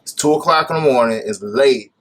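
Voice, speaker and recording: A man's voice: medium pitch, a little fast, a bit bright. A man co-hosting a casual chat, playfully teasing his partner and cutting in with jokes. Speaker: podcast co-host. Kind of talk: casual banter.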